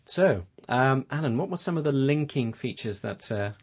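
A man's voice: medium pitch, lively intonation, moderate pace, slightly rough. A man presenting an educational radio programme about English, talking casually with many fillers and restarts. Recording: dull lo-fi broadcast audio.

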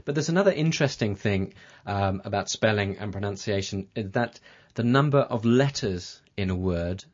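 A man presents an educational radio programme about English, talking casually with many fillers and restarts. His lowish voice is animated and at normal speed, and the broadcast audio is dull and lo-fi.

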